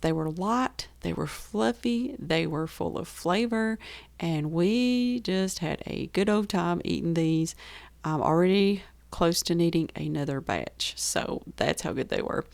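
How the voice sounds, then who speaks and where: Chatty gravelly Southern US woman. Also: lowish voice, a little slow, darkish tone, no echo. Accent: Southern US rural. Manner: chatty and enthusiastic, laughs easily. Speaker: homestead baking vlogger. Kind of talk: casual voice-over narration.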